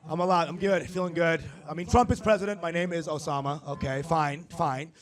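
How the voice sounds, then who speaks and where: A young man performing stand-up comedy on stage, talking in a profane, animated way and tossing asides to the crowd. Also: a little high, a little fast. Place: comedy stage before a live audience.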